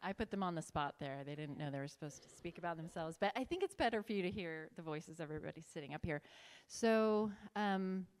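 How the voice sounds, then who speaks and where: A woman's voice: fairly low pitch, lively intonation, fairly quick, few pauses, clean tone. Chatty woman presenter in a reverberant hall. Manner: chatty, self-correcting. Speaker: workshop leader. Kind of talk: presenting a church workshop. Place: large conference hall. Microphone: handheld microphone.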